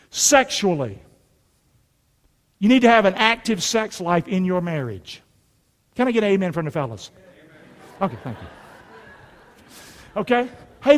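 High-voiced preaching man in a reverberant hall. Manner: call-and-response preaching, folksy and emphatic. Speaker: pastor. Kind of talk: sermon. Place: church sanctuary.

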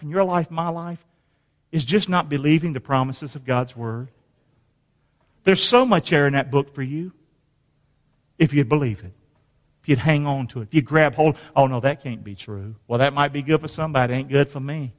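A man preaching with a high, wildly swinging voice, tossing questions to his congregation and pushing up into shouts. His sermon rings with a long tail of reverb in a big church sanctuary. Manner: rises to shouting at climaxes. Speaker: pastor.

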